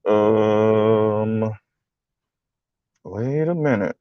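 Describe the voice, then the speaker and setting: A man's voice: fairly low pitch, drawn-out words, smooth, no echo, highs cut off. A man hosting a live stream, ranting and mocking as he comments, often swearing and laughing.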